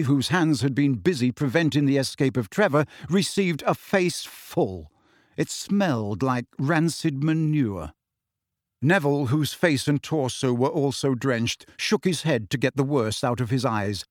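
A male audiobook narrator telling a story with animated, expressive delivery. His pitch rises and falls freely. The recording is dry and close with no room sound. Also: dry recording. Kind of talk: scripted narration.

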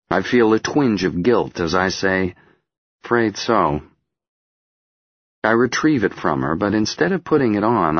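A man narrating an audiobook in the first person, measured and intimate. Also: sits low, no room sound, highs cut off.

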